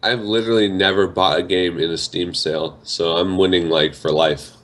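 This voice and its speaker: Deep deadpan man, podcast banter. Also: fairly quick. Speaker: podcast co-host. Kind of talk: casual chat.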